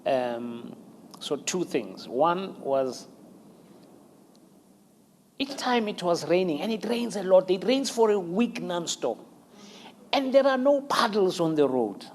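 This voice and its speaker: A man hosting a conversational interview, telling lively stories and laughing often as he acts out quotes. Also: high-pitched, slow, long pauses, slight background noise. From South Africa. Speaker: interview host.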